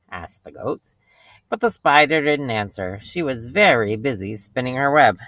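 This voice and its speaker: A male teacher reading a picture book aloud to young children, slow and expressive, with playful voices for the animals. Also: mid-range voice, no room sound.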